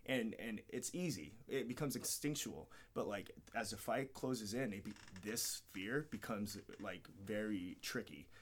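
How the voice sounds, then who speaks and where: A man's voice: on the low side, a little slow, hardly any pauses, a little hiss or hum. A man, a fighter being interviewed on a podcast, telling a long personal story in a candid, rambling way, swearing often and acting out what people said. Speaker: podcast guest, MMA fighter.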